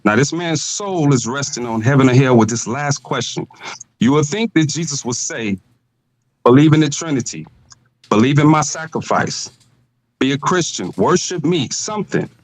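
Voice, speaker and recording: A man calling in to a podcast, lecturing slowly and asking for patience as he builds his point. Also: mid-range voice, expressive, poor audio. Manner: slow, lecturing, stalls for time. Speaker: caller. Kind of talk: preaching argument on a call.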